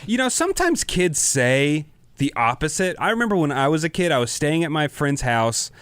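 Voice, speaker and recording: Man, podcast co-host, smooth clear voice, dry close sound, casual chat. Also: on the high side, normal speed, no echo. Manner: relaxed storytelling, chatty. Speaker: father.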